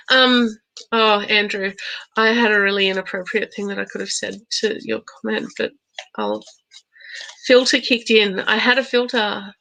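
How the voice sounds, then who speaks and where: Bubbly, bright-voiced woman reading oracle cards. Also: medium pitch, vocal fry, rough recording. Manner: bubbly, chatty, laughs often; slows into gentle, coaching tone for affirmations. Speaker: oracle card reader hosting a live stream. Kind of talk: live-stream chat with viewers.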